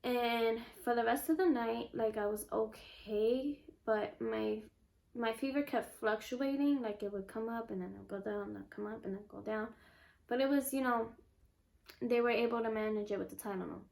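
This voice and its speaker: A young woman vlogger telling a personal story in a chatty, animated way and acting out what others said. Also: on the high side, normal speed, creaky. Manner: chatty, animated, acts out quotes. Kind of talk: casual storytelling to camera.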